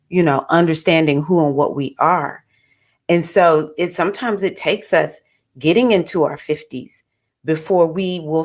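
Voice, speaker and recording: A woman in her fifties hosting a spiritual livestream, talking in a gentle, encouraging, reflective way. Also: lowish voice. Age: 50s. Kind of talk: casual spiritual chat.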